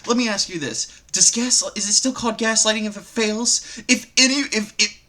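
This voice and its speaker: A man hosting a reaction video, ranting casually and profanely about online stories in a rambling, animated way. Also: sits high, moderate pace.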